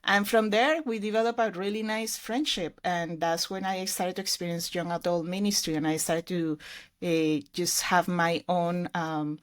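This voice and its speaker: A middle-aged woman with a Colombian accent and a lowish voice, speaking as a guest on a podcast. She tells her story about working in ministry earnestly and reflectively. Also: steady tone, moderate pace. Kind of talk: casual interview.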